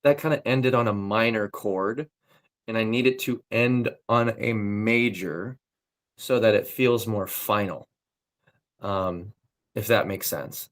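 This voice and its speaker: A young male voice actor chatting in an interview with a somewhat low voice. He talks loosely, with plenty of likes and ums, while he breaks down technique in detail. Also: takes it slowly. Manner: loose, filler-heavy, technical talk with frequent likes and ums. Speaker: voice actor guest. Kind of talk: casual interview chat.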